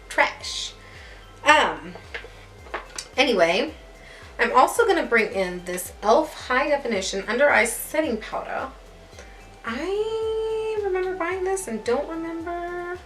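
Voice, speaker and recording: A young adult woman chatting casually to camera as a beauty vlogger, rambling and laughing at herself. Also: mid-range voice. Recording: echoey room with faint music.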